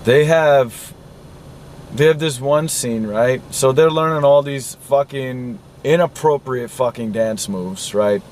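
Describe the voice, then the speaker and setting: Guy ranting about a movie, swearing a ton, disgusted, repeats himself, normal pitch, faint noise in the back. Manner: profane, indignant, repeats himself. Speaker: vlogger reviewing a film. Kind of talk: angry film rant.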